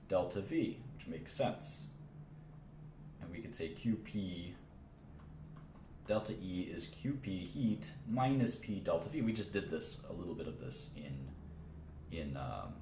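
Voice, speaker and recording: A man's voice: sits low, reverberant, background noise. A man teaching a chemistry lesson in an informal way, thinking aloud, repeating phrases and adding casual asides as he works through problems. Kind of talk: informal livestream lecture.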